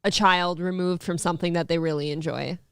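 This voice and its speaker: A woman co-hosting a morning show, chiming in with quick sympathetic reactions. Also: fairly low pitch, steady tone, clean tone, no room sound, studio quality. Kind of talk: casual podcast chat.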